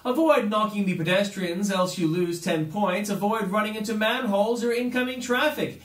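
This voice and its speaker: A man from Australia reads the day's headlines in a high voice. He slips dry, sardonic remarks in between the items. The recording has a noticeable room echo. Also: moderate pace. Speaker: news headlines reader. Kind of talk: reading news headlines with wry asides.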